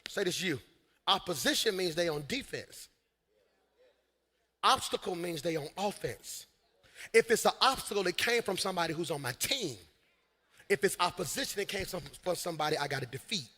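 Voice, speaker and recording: A man preaching a lively sermon from a church stage, shouting, laughing and talking to his congregation. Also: high-pitched, moderate pace, long pauses. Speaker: pastor. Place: large church hall on stage. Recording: long hall reverb.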